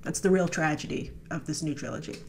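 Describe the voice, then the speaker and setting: A woman's voice: on the high side, very animated, normal speed, fairly bright tone, a little hiss or hum. A woman hosting a casual trailer breakdown, chatty and sarcastic, now and then mocking the characters in made-up voices. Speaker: host.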